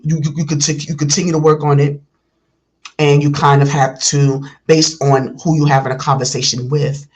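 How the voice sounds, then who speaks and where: A man hosting a reaction video, talking in a casual, earnest, rambling way with many restarts; his voice tends to carry and rise as he talks. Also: medium pitch. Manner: voice carries and rises when talking.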